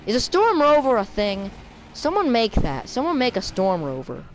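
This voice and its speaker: A woman giving rambling, self-mocking commentary while playing a racing game, with sudden excited outbursts. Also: a little high, moderate pace, slight background noise, rough recording. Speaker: gaming video creator. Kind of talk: rambling let's-play commentary.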